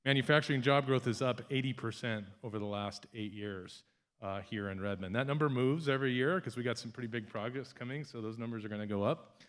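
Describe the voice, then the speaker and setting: Male economic development director, mid-pitched, energetic and chatty, addressing an event crowd. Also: brisk. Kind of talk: public speech.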